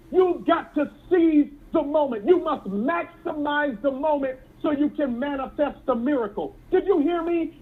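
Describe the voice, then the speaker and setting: A man giving a fiery motivational speech as a network marketing trainer, emphatic and repetitive, building up to shouts. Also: very high voice, phone-quality sound.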